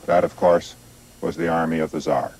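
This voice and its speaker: An older man presenting a documentary in measured, scripted narration with dry, wry asides. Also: deep voice, flat delivery, a little mellow, low-quality recording.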